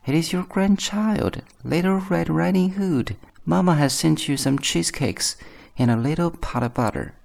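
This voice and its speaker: A man voicing a trusting little girl in a storybook reading, raising his voice high and childlike. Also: moderate pace, vocal fry, a little mellow. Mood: eager.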